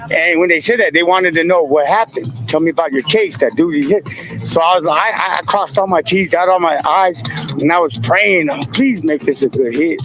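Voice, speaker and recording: A man in his fifties speaks in a fairly high voice, telling stories from his past in laid-back street slang and chuckling as he goes. Steady background noise and passing traffic sit under his voice. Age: 50s. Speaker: guest. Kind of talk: casual storytelling.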